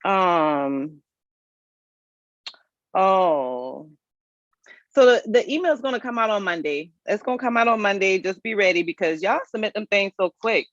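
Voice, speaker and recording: A woman's voice: medium pitch, lively intonation, unhurried, pauses often, no room sound, lo-fi sound. Chatty woman on a livestream. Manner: chatty and folksy, talks straight to viewers. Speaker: HR career coach hosting a live resume review. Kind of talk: casual livestream chat.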